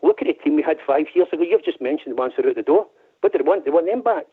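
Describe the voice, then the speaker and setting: A Scottish man calling in to a football phone-in, passionate and frustrated, almost shouting. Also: on the high side, animated, racing, slightly rough. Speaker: caller. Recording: tinny phone line.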